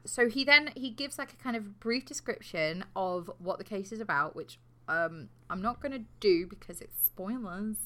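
A woman's voice: medium pitch, bright, forceful tone. A woman co-hosting a podcast, telling a true crime story in a casual, sweary, jokey way. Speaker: podcast co-host.

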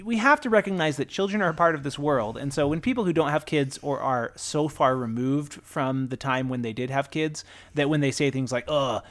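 A man in his thirties co-hosting a casual chat, animated and emphatic, his pitch swinging up sharply. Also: a little fast, hardly any pauses. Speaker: podcast co-host.

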